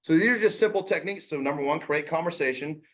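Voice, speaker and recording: A man with a fairly high-pitched voice coaches real estate agents in a casual, blunt manner. He uses slang and throws in quick impressions of clients.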